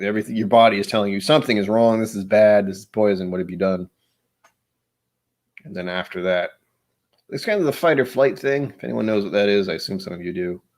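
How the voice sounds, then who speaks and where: A man hosting a livestream, chatting casually over drinks, rambling, joking and poking fun at himself. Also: deep voice. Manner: rambling, joking and self-deprecating. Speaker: livestream host.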